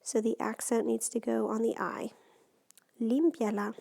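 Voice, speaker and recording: A woman's voice: on the high side, monotone, moderate pace, gravelly, darkish tone. A woman teacher explaining Spanish grammar step by step in a patient, recorded lesson.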